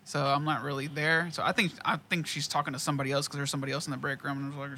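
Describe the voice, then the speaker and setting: A man's voice: a little high, level tone, very fast, sharp tone, slight background noise. Laid-back man telling a story. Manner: laid-back, profane, laughs often, quotes people in dialogue. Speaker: podcast co-host telling a work story. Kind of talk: casual storytelling chat.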